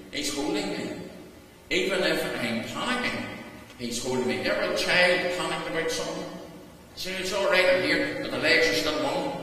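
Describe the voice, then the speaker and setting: A man, a rector, preaching a sermon in a measured, emphatic way, with repeated refrains. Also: medium pitch, bright, forceful tone. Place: large stone church. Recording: echoey church from far off.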